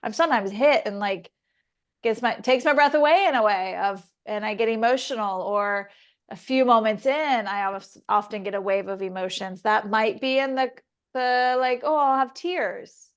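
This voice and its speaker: Smooth-voiced woman sharing reflectively. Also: mid-range voice. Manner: reflective, halting, with many fillers. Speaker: class participant. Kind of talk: sharing in a group class.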